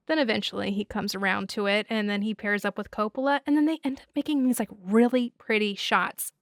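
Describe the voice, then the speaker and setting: Swearing, excitable woman recapping a movie. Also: on the high side, smooth, no room sound, clean studio sound. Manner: excitable, swears often, laughs a lot, acts out scenes. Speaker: podcast host.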